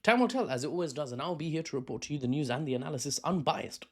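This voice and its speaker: A man's voice: fairly high pitch, lively intonation, racing, darkish tone. A man with a British accent giving an unscripted news analysis vlog, chatty and prone to rambling asides and self-corrections. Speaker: news commentator.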